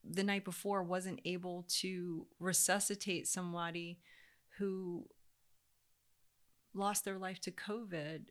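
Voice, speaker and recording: A woman in her thirties telling a personal story in a casual way, animated and acting out the voices of the people she quotes. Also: on the low side, takes it slowly. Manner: animated, acts out quoted voices, laughs often.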